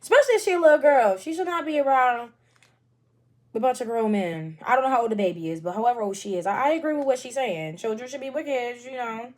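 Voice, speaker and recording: Lively high-voiced woman reacting. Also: a little fast. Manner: candid, talks straight to viewers. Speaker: reaction video host. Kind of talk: casual reaction commentary.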